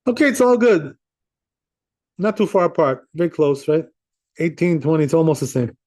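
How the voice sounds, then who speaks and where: Man, rabbi, casual law class, chatty, slightly high voice. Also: sing-song, moderate pace, darkish tone. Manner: conversational, sprinkles in "right?" and "you know", chuckles often. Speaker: rabbi teaching Jewish law.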